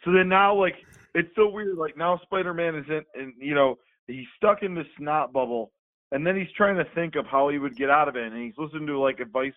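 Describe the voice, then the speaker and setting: A man's voice: a little high, brisk, dry recording. Rambling man on a tinny line. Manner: rambling, animated retelling with many fillers and laughs. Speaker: podcast co-host. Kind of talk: casual chat. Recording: phone-like, dry sound.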